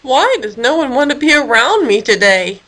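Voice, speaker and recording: A woman voicing a big, lumbering female hippo who feels lonely and speaks slowly and mournfully. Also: high voice, very animated, pushed and bright, voice pushed up, full character voice, low-quality recording. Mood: sad. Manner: slow, drawn-out and mournful.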